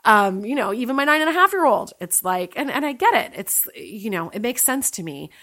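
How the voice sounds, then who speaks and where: A woman in her forties, a life coach talking to listening mothers in an earnest, emphatic way, slowing down on key points. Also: on the high side, very animated, a bit bright. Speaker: life coach and podcast host. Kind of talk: motivational solo talk to listeners.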